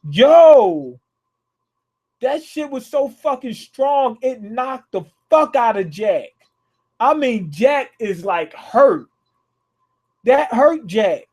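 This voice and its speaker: A man hosting a live manga reaction, reading panels aloud with restarts and cursing excitedly at what happens. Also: very high-pitched, slow pace, pauses often. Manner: profane, excitable, rereads lines aloud with many restarts.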